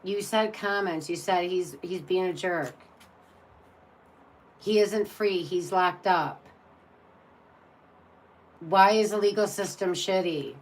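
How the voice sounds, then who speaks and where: A woman's voice: fairly low pitch, slow pace, long pauses, poor audio. A woman reading tarot on a live stream and chatting casually, blunt and exasperated, rambling with many restarts.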